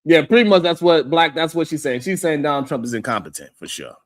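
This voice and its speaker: Brief: live-stream host, higher-pitched voice, loose animated chat delivery, reads and answers viewer comments. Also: male voice, quick pace.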